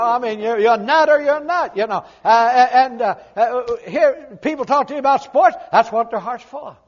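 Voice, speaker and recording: An older man preaching a humorous, folksy sermon, swinging from loud emphatic lines to quiet low asides. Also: lo-fi sound.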